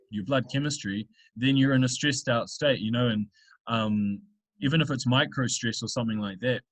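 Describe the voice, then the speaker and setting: A man's voice: medium pitch, no room sound, poor audio. A man hosting a podcast, talking in a reflective, affirming way with frequent restarts. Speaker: podcast host. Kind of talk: casual podcast conversation.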